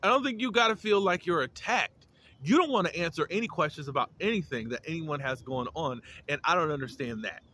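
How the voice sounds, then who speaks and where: A man's voice: a little high, expressive, brisk, pushed and bright, slight background noise. A man giving a casual, opinionated recap of a TV episode, with lots of fillers and restarts. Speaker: reality TV reviewer.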